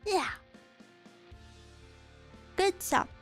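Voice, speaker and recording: A woman's voice: drawn-out words, faint music behind. A woman streamer in a casual live chat, earnestly encouraging her viewers and getting a little choked up. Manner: gets choked up and emotional.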